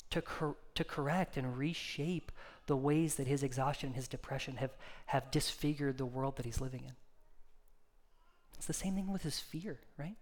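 A man's voice: mid-range voice, moderate pace, long reverb tail. A man preaching a sermon in a casual, conversational way, acting out the quoted lines with rising intensity. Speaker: pastor.

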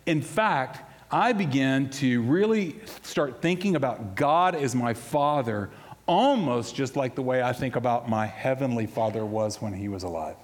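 A man preaching a sermon, telling a personal story in a conversational way that swings between loud outbursts and hushed moments. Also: medium pitch, expressive, a little slow, big-room sound. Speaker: pastor.

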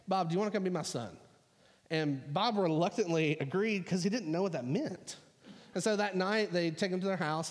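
Male pastor, casual storytelling sermon delivery, slightly high pitch, recorded in a reverberant hall. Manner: conversational storytelling with fillers.

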